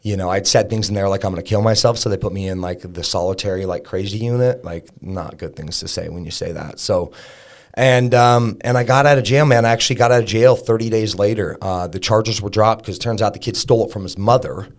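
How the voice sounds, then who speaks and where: Talking fairly quickly in a fairly low voice, a podcast guest in his thirties openly recounts something personal. He speaks conversationally, with plenty of fillers and restarted sentences.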